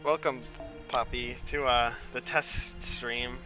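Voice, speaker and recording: A man's voice: mid-range voice, fairly even intonation, takes it slowly. A young man rambling casually on his gaming stream, chatty and loose, with swearing. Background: game music playing.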